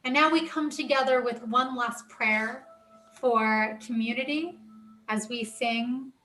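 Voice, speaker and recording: A woman leads a family worship service and invites the congregation to read prayers with her. Her voice sits fairly high and she is heard from some distance from the mic. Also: slow pace, slight background noise. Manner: warm and inviting. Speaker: service leader.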